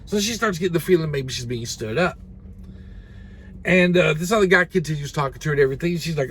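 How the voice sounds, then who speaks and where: Fast-talking man telling a rambling story. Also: fairly high pitch, fairly bright tone, breathy edge. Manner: rambling, filler-heavy, keeps adding "and everything" and "you know". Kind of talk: casual spoken storytelling.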